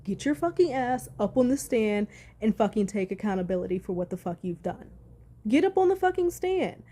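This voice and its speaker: A woman's voice: medium pitch, warm tone. Furious profane woman ranting. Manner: heated, profane ranting, reads news aloud. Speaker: commentator. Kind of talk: angry vlog commentary.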